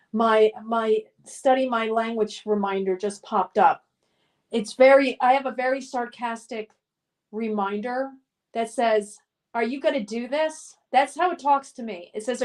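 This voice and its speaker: High-voiced chatty woman streamer. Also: darkish tone. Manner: chatty and upbeat, laughs often, reminiscing. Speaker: live stream host. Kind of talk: casual live stream chat, reading viewer comments aloud.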